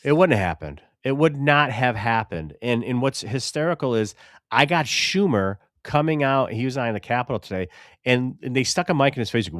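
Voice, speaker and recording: Loud, rambling man co-hosting a podcast. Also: medium pitch, normal speed, dry recording, clean studio sound. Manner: loud, animated, rambling and profane. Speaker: podcast co-host. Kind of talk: casual live-stream banter.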